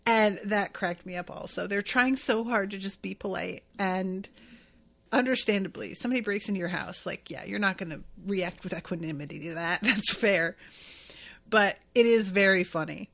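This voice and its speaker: A woman hosting a podcast, casually recapping an anime episode in a chatty, animated way, often acting out what characters say. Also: mid-range voice, normal speed, gravelly. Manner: chatty, animated retelling with quoted voices. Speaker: podcast host.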